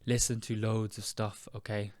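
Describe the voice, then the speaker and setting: Slow, clear British man teaching English. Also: fairly low pitch, flat delivery, a little mellow, dry recording. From United Kingdom. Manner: slow, clear, chatty with fillers. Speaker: podcast host and English teacher. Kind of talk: casual spoken lesson.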